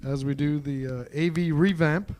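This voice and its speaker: A man hosting a live podcast, his voice sitting a touch high for a man. He chats with his guest in a relaxed, rambling way, full of fillers. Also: normal speed, slight background noise. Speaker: podcast host. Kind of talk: casual chat with guest. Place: live stage venue.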